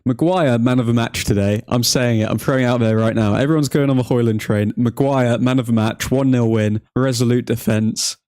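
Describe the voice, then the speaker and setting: A man's voice: mid-range voice, fairly even intonation, fairly quick, hardly any pauses, a little mellow, clean tone, no room sound. A young man from England hosting a football watchalong stream, chatting to viewers, joking and laughing often. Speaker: watchalong livestream host. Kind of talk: casual live chat to viewers.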